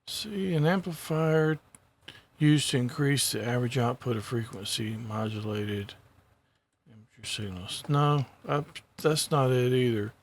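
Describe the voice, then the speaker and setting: A man's voice: mid-range voice, measured pace. Easygoing joking man reading quiz options. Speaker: co-host taking the exam questions. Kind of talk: casual chat, reading quiz answers aloud.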